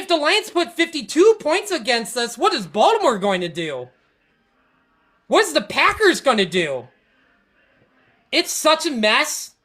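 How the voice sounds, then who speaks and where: Pitched high with a fairly bright tone, a woman hosting a podcast grumbles casually about her football team. She rambles and stammers, frequently restarting what she's saying.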